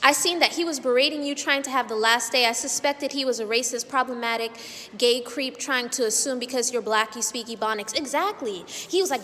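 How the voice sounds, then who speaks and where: A woman's voice: high-pitched, brisk, a bit bright, in a large hall, a little hiss or hum. A young adult woman giving an indignant, emphatic vlog rant to camera, hammering her points with repetition. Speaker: vlogger.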